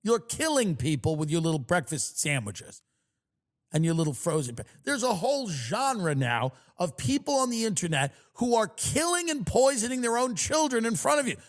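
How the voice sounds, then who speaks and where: A man hosting a comedy podcast, ranting in a loud, mocking, exaggerated way. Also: high voice, very animated, normal speed. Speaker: podcast host. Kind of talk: comedic rant.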